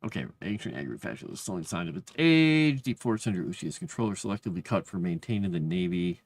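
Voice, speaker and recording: A man's voice: low-pitched, sing-song, fast. A man streaming live as he writes fantasy lore, chatting casually and rambling, and reading his drafts aloud under his breath.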